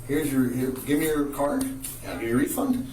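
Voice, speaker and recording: A man's voice: mid-range voice, brisk, darkish tone. A male restaurant manager recounting a confrontation with a customer to police, exasperated and rambling. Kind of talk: recounting an incident. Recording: distant roomy bodycam audio with noise.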